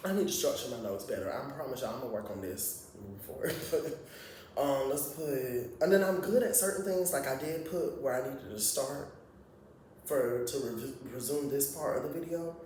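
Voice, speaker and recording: Profane, animated man in an echoey room. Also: mid-range voice, moderate pace, distant mic, slight background noise. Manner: profane, animated, laughs often. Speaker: reality TV reviewer. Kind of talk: casual recap commentary.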